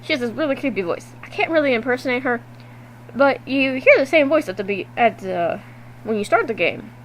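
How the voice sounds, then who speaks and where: Animated, swearing woman gaming vlogger. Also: high voice, a little fast, slight background noise, poor audio. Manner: animated, swears freely, exasperated asides. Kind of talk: casual game recap to camera. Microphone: webcam.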